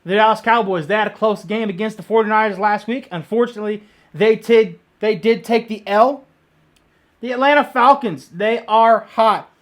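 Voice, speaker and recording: Male sports-picks vlogger, high-pitched, blunt and excitable, casual jokey delivery. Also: normal speed. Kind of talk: casual football picks monologue.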